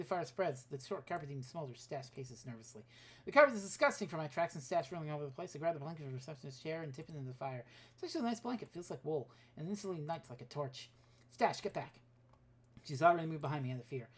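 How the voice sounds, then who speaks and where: Fast-reading low-voiced woman streamer. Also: breathy edge. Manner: rapid, lively reading with offhand asides and swearing. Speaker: streamer playing a text game. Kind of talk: reading a text adventure aloud on stream.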